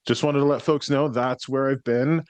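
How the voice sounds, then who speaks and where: A man's voice: mid-range voice, fairly even intonation, normal speed, no room sound. Reflective American man podcasting solo. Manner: reflective, explanatory, frequent throat clearing. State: worn out after burnout. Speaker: podcast host and psychic medium.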